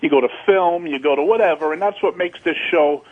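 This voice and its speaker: A man's voice: on the high side, brisk. A man calling in to a radio show, grumbling and swearing in a blunt way. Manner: gruff, grumbling, profane. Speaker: regular caller. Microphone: phone line. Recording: tinny phone line.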